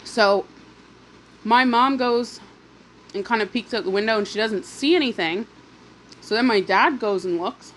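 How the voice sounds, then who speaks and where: A woman vlogger telling a storytime while eating, indignant and animated, with swearing and pauses to chew. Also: fairly high pitch, a little hiss or hum. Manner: pauses to eat, chewing between phrases. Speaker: mukbang vlogger.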